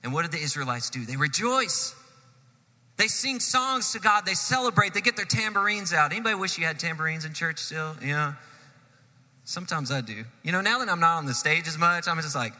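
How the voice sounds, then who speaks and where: A man preaching a sermon, telling a story with animated swells and sudden drops in loudness. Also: on the high side, fairly quick, in a large hall. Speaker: pastor.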